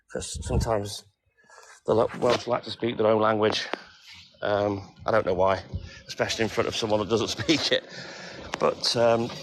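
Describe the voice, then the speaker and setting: A man's voice: fairly low pitch, background noise. A man in his fifties, a milkman chatting casually on a phone live stream and greeting viewers by name. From England. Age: 50s. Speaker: milkman livestreaming. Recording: music playing behind.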